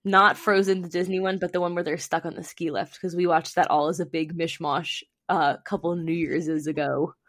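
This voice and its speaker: A woman's voice: fairly low pitch, steady tone, fairly quick, hardly any pauses, a bit bright. A young woman co-hosting a podcast in casual chat, playful and teasing, laughing easily. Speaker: podcast co-host.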